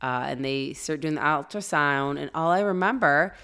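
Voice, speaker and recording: A woman's voice: deep voice, normal speed, clean tone. A woman in her thirties, a podcast co-host, telling a personal faith story in casual conversation and acting out the reactions of people in it. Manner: animated, acts out quoted reactions.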